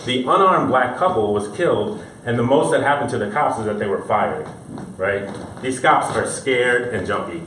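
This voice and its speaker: A man's voice: medium pitch, animated, moderate pace, recorded from a distance, a little hiss or hum. A man performing a comic solo stage monologue, switching between wry talk and acted voices. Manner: dark comic monologue shifting into acted scenes. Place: performance space. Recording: echoey room, mic from afar.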